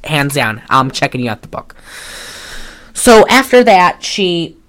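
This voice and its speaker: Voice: mid-range voice, very animated, a little slow, fairly bright tone. A podcast co-host in a casual chat, retelling a film with lots of fillers and restarts. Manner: rambling, chatty, with many fillers and restarts.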